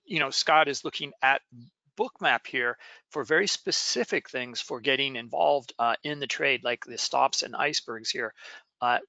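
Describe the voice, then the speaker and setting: A man co-hosting a trading webinar, speaking in a halting way with lots of fillers and restarts. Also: mid-range voice, pushed and bright, no echo, lo-fi sound. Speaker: webinar co-host. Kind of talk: casual webinar commentary.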